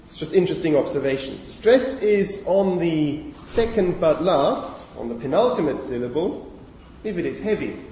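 A man giving a university lecture on phonology in a lecture hall, speaking haltingly with many fillers and self-corrections. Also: on the high side, expressive, mellow, slight background noise. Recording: echoey lecture hall from far off.

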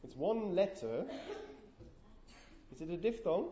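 A man lectures on linguistics in a mellow, slightly high voice, explaining step by step and testing the class with questions. The recording is roomy and a little dull, as if taken in a lecture room. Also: lively intonation, slow pace, a little hiss or hum. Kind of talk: university lecture.

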